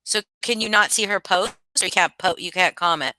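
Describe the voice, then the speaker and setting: A middle-aged woman hosts a casual livestream, talking loosely to her chat and restarting her sentences. Her voice is bright and forceful, smooth and crisp, a little low for a woman. The sound is dry and close, with no room around it. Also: a little fast, no echo, rough recording. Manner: chatty, reads and answers chat, many restarts. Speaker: livestream host.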